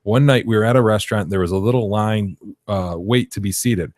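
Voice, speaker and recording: A man in his thirties, a podcast host, reading listener emails aloud in a wry, deadpan way and swearing now and then. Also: fairly low pitch, fairly quick, dry recording, clean studio sound. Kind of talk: casual chat.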